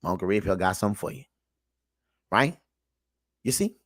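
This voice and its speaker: Reacting to clips on his own show, a man delivers expressive, preachy commentary at normal speed. He goes from low muttering to loud, emphatic shouting, repeating himself and calling out to listeners, all in studio quality with no echo.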